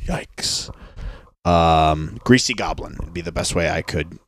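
A man's voice: low voice, moderate pace, no room sound, studio quality. A young man, a podcast host, telling a story in a rambling, sarcastic casual chat. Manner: rambling, sarcastic, mocks others in put-on voices.

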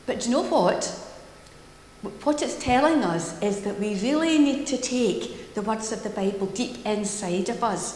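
A woman minister leading a prayer and giving a playful, animated children's talk in a church service. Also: a little high, a little hiss or hum. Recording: echoey church hall with long reverb.

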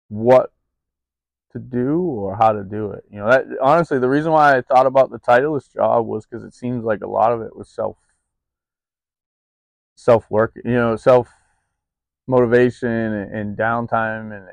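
Gravelly low-voiced man rambling candidly. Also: no echo. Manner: rambling, confessional, frequent ums and restarts. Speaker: vlogger. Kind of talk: candid personal vlog. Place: outdoors, cold weather.

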